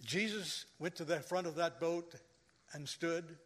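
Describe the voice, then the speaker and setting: A man preaching a sermon as a pastor, telling stories slowly and rising to loud, dramatic quoted lines. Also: fairly high pitch. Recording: long hall reverb.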